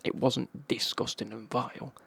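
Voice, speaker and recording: A man from England with an English accent, telling a casual travel story in a whispered ASMR style, in a husky whisper with slang. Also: mid-range voice, little pitch movement, normal speed, fairly bright tone. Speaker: ASMR creator.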